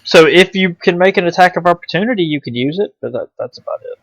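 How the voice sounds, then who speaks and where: A man's voice: high voice, expressive, fast talker, no room sound. A man playing a tabletop game, talking casually through the rules, sometimes mumbling. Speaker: player. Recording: dull lo-fi recording.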